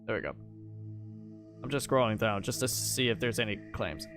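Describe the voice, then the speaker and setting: A man talking casually on a live stream, halting often with fillers and restarts. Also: fairly low pitch, expressive. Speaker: live streamer ranking games. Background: background music.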